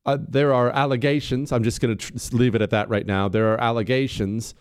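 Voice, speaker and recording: A man hosting a talk radio show, emphatic and sarcastic, swinging from loud mockery to low, intense points. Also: fairly even intonation, a little fast, smooth.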